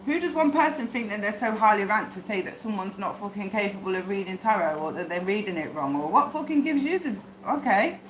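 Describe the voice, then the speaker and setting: A woman's voice: medium pitch, expressive, a little fast, few pauses, slight background noise. A woman reading tarot on a livestream, talking bluntly and swearing as she rambles to herself. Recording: echoey room with faint ambience.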